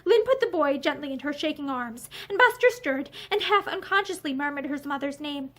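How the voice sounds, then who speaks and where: A woman reading a novel aloud in an expressive way, seated in a room lined with bookshelves. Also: sits high, a little fast. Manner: expressive, acts out the dialogue. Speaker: audiobook reader.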